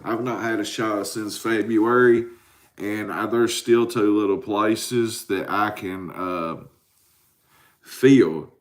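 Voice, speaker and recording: With a lowish, steady voice and a slow pace, a livestream host in his forties answers viewers late at night. He's drowsy and tired from a caffeine crash, rambling and cussing as he goes.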